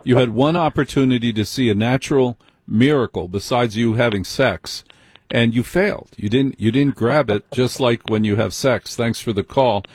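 A man's voice: mid-range voice, normal speed, a little mellow, husky, dry recording. A man hosting a late-night call-in radio show, teasing his callers bluntly.

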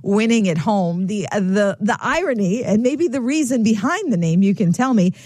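A woman's voice: medium pitch, expressive, moderate pace, a little mellow, no echo. A woman hosts a radio talk show, easing into questions conversationally and sometimes stumbling over her words. Her voice is close and dry, with no room around it. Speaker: radio host.

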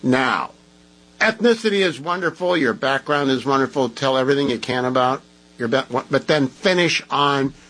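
A man's voice: mid-range voice, expressive, normal speed, fairly bright tone, low-quality recording. A man hosting a talk radio show, delivering an opinionated conversational monologue while groggy from medication.

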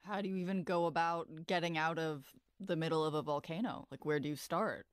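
An interviewer with a smooth, resonant voice and a mid-range pitch asks probing, empathetic questions. The sound is dry and close to the mic. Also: fairly even intonation, fairly quick, dry recording.

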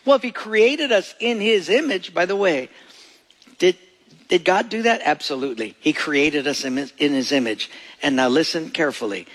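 A middle-aged pastor's sermon unfolds through storytelling, with him acting out the people he quotes. His voice is a little high and a bit bright, moving at a normal speed.

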